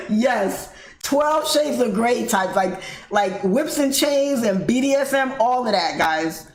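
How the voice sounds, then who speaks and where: An American woman hosting a livestream, casually telling a story to her viewers in an animated way, laughing often and calling them guys. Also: medium pitch, measured pace. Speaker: livestream host. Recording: echoey room with faint noise.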